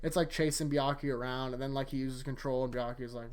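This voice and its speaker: A host casually recapping anime episodes, chatty and laughing often, acting out quick character lines while retelling scenes. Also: mid-range voice, steady tone. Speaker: anime rewatch reviewer.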